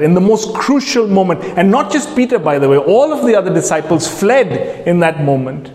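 A man's voice: high-pitched, very animated, moderate pace, hardly any pauses, a little mellow. A man preaching a sermon, earnestly putting questions straight to his listeners. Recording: long hall reverb.

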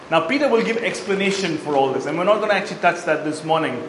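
Male preacher, high voice, reverberant hall; expository Bible-teaching read. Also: lively intonation, rapid-fire, background noise. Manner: expository Bible teaching with verse readings and asides. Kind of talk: sermon. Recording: echoey hall, faint ambience.

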